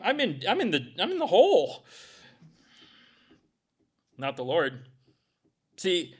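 Male preacher, middle-aged, animated sermon delivery, bright forceful tone, slightly high voice. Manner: animated preacher, acts out voices, swings loud to soft. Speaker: pastor.

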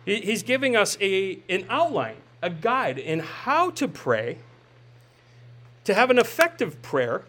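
A man's voice: high-pitched, very animated, a little slow, fairly bright tone. A man in his forties preaching a sermon in a conversational way, asking rhetorical questions and often adding "right?". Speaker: pastor.

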